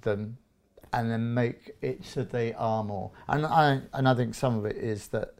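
A man's voice: mid-range voice, steady tone, unhurried, a little mellow. A man in his fifties from England, a guest in an interview, chatting casually and acting out little dialogues with many restarts.

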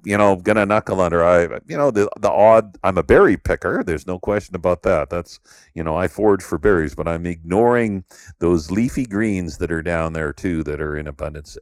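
A middle-aged podcast host from Canada talks in a casual, rambling way, with plenty of fillers as he tells stories. His voice sits very low, and the recording is dry and close. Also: no room sound. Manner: storytelling, rambling with many "you know" fillers. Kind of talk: casual conversation.

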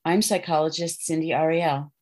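A woman psychologist co-hosts a podcast in a low, measured voice. Her scripted intro sounds earnest. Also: steady tone, darkish tone.

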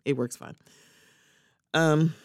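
A sassy woman talks through a solo podcast in a lowish voice, her pitch jumping up when she acts out other people. She sounds close to the mic in a dry, dead room. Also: slow pace, dry recording. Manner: animated, sassy, slips into quoted voices. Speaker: podcast host. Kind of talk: casual solo commentary.

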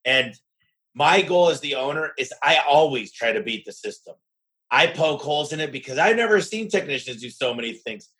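A man who owns a home services business, talking in a lively podcast conversation and acting out the exchanges he has with other owners. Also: medium pitch, moderate pace, rough recording. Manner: animated, acts out his own conversations in quoted voices.

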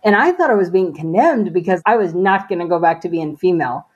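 A woman's voice: lowish voice, lively intonation, fast talker, husky, dull audio. A woman sharing a personal faith testimony as an interview guest, talking earnestly and casually with many fillers.

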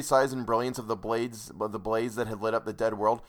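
A man's voice: lowish voice, fairly even intonation, a little fast, few pauses. A man reading a book aloud at home, breaking off to rant in exasperation at the author's punctuation and to tell stories. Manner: exasperated grammar ranting at the author. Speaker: audiobook narrator. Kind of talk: audiobook reading with ranting asides. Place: home recording setup.

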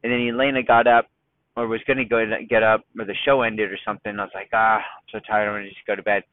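A man hosting a casual solo podcast, talking in a rambling, self-mocking way and deliberately slowing into a calm voice. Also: on the low side, no room sound. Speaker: podcast host. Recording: dry, thin phone-like sound.

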